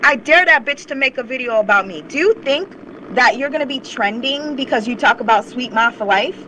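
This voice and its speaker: A woman's voice: sits high, animated, moderate pace, sharp tone, slight background noise, rough recording. A young woman ranting on her vlog channel, heated, confrontational and swearing often. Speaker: YouTube commentator. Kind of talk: angry rant to camera.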